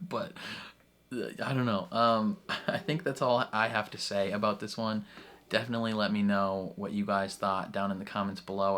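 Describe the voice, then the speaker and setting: Man, lowish voice, casual reaction commentary, rambling, fillers, laughs a lot. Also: a bit bright. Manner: chatty, full of fillers, laughs often. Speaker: reaction video host.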